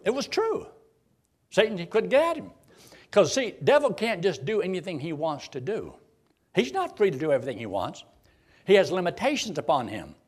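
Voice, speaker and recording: A man's voice: high voice, husky. A man preaching a sermon in a dramatic, folksy way, full of rhetorical questions and acted-out scenes.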